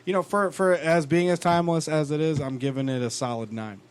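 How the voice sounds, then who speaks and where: Rambling, animated man with a lively voice. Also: fairly high pitch, fairly quick, clean tone. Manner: rambling, animated, laughs and swears, repeated restarts. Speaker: podcast co-host. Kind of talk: casual chat.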